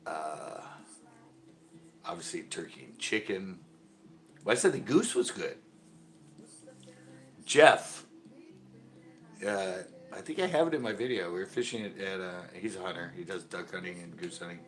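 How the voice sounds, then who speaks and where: A middle-aged man hosting a casual live stream, rambling through anecdotes, laughing and loudly acting out other people's lines. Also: low voice, animated, a little slow, long pauses, soft background music. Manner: rambling storyteller, acts out quotes loudly and laughs often. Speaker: host of a fishing channel livestream.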